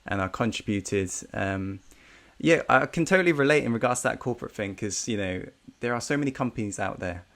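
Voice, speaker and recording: A man's voice: on the low side, animated, a little fast, fairly bright tone. A man hosting an interview channel, talking casually and hesitantly with many fillers.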